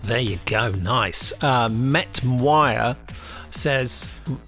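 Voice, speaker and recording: A man's voice: mid-range voice, extremely slow, sharp tone, faint music behind. A man co-hosting a podcast, reading out listener reviews in a playful, giggly way and often breaking into laughter. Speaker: podcast co-host. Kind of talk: casual chat reading out reviews.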